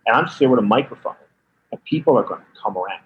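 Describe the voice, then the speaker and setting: Animated Canadian comedian on a phone line. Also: male voice, mid-range voice, very fast, slight background noise. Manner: animated, laughing, slipping into voices. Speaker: comedian guest calling in. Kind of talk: anecdotal storytelling.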